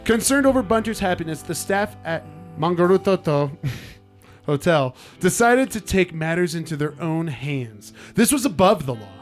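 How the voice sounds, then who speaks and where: Man, fairly high voice, playful podcast host, laughing, faint music behind. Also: very animated, moderate pace. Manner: playful, laughing, reads quotes in a put-on accent. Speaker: podcast host reading a news story. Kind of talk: casual comedic podcast chat.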